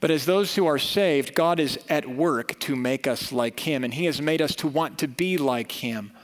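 A man's voice: fairly high pitch, normal speed. Earnest preaching man in a reverberant church. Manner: earnest, conversational preaching with rising emphasis. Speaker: pastor. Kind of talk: sermon. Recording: long reverb of a church hall.

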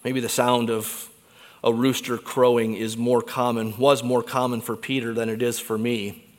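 A man's voice: medium pitch, moderate pace. Preaching man in a reverberant church. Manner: conversational, animated preaching with wide swings in loudness. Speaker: pastor. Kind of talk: sermon.

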